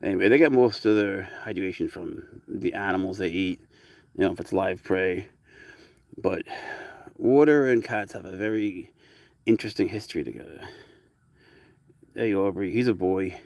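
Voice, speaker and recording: Man, cat-owner host, gravelly voice, dry close sound, rambling chatty livestream delivery. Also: moderate pace, long pauses, a little mellow, no room sound. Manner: chatty, rambling asides, coos at his cat in a high voice. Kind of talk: casual livestream chat to viewers.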